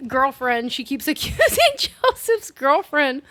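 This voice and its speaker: A woman co-hosting a casual movie review, retelling scenes in animated detail and swearing freely. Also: sits high, unhurried, no echo, clean studio sound. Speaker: podcast co-host.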